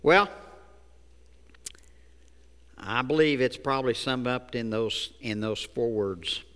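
A man preaching a sermon, telling folksy stories and stressing key words deliberately. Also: medium pitch, a bit bright, clean tone. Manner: slow, folksy storytelling, deliberate emphasis. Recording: echoey hall.

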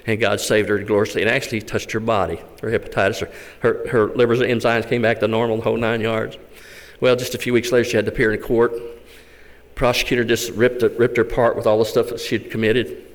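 A man, a visiting Gideon speaker giving a fervent testimony sermon in a church. He tells the story with big swings between loud and hushed. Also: medium pitch, level tone, a little fast. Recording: echoey hall.

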